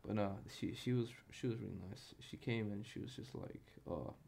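Young man, gravelly voice, rambling casual podcast talk, swears a lot. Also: lowish voice, fairly even intonation, brisk, mellow, slight background noise. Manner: rambling, profane and self-correcting. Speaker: podcast host. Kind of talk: casual solo podcast storytelling.

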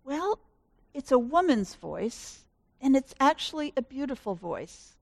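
A woman voicing a gentle, wondering elderly woman in a sermon story, speaking softly and hesitantly. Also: high-pitched, big pitch swings, measured pace, creaky, no echo, pitched above the performer's own voice, heavily acted.

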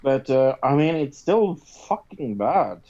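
A woman with a low, mellow voice co-hosts a casual news podcast. She talks loosely, with plenty of fillers. The recording sounds dull and lo-fi. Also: very animated, slow. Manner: casual, filler-heavy, swears offhandedly. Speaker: podcast co-host. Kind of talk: casual chat and reading news stories.

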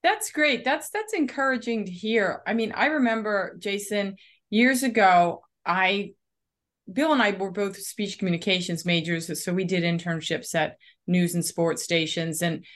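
A woman's voice: lowish voice, moderate pace, a bit bright. A woman co-hosting a podcast, interviewing a guest in a friendly, casual chat. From Philadelphia area. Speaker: podcast co-host.

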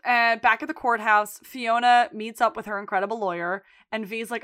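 A woman's voice: on the high side, fairly even intonation, moderate pace, fairly bright tone. A woman co-hosting a podcast, casually retelling TV scenes and acting out the lines. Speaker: podcast co-host. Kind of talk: casual recap chat.

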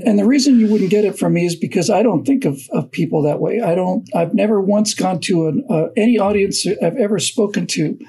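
Male commentator, high-pitched and raspy, halting delivery with frequent restarts. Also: a little mellow. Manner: halting, repeats words, restarts often. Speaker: co-host and commentator. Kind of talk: casual political commentary.

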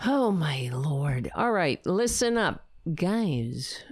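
A woman's voice: low voice, very animated, very slow, no room sound, studio quality. A middle-aged woman hosting a casual livestream, ranting bluntly and chatting with her viewers and her cats. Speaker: livestream host. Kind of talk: casual political livestream chat.

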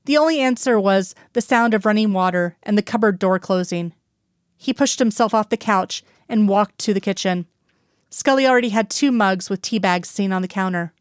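Woman calmly reading a story aloud. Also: mid-range voice, normal speed, clean tone, no echo, clean studio sound. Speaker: audiobook reader. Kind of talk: reading fan fiction aloud.

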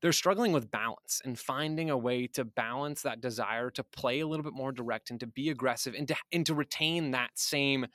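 A man's voice: mid-range voice, fairly quick, few pauses, a bit bright, no room sound. A man in the guest chair of a podcast, breaking down tactics in casual, thinking-aloud analysis. He restarts sentences as he works out his points. The recording is close and dry, with no room sound. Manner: thoughtful, speculative, restarts often.

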